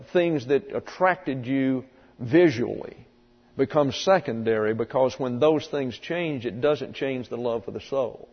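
A man preaching a sermon, stressing key words slowly and asking rhetorical questions of a congregation. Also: mid-range voice. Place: church or lecture hall with congregation. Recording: dull sound with long hall reverb.

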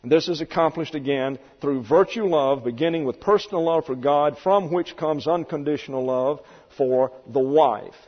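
A man's voice: a little high, normal speed, hardly any pauses. A man preaching a sermon, explaining doctrine in an emphatic, methodical way and often linking points with "and therefore.". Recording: dull lo-fi recording with long hall reverb.

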